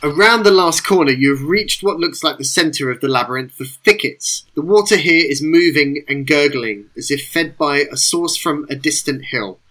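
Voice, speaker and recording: A man narrating a tabletop role-playing game as game master, in calm, descriptive storytelling. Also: on the high side, moderate pace, few pauses.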